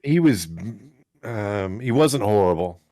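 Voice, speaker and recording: Man, very low voice, podcast co-host, hesitant fillers, dry close mic. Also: expressive, slow pace, dark tone, no echo. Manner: laughs easily, hesitant fillers. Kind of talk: casual chat.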